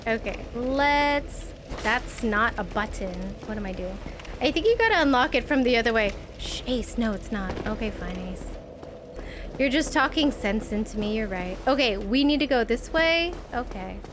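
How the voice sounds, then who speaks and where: A woman's voice: on the high side, lively intonation, normal speed, background noise. A woman streamer chatting casually while playing a game, talking to viewers and cursing at the game. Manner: chatty, exclaims and swears at the game, greets viewers. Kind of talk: casual live gameplay chat.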